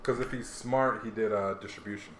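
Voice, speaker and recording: A man's voice: lowish voice, fairly even intonation, fairly quick, background noise. A man chatting casually about rap music, rambling with many fillers and restarts. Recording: echoey room.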